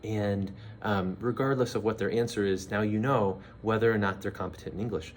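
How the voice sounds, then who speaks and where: Male teacher, low voice, relaxed and patient, slow repeats, faint room ambience behind. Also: slight background noise. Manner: relaxed, repeats phrases slowly with fillers. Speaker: language teacher. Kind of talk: casual language lesson.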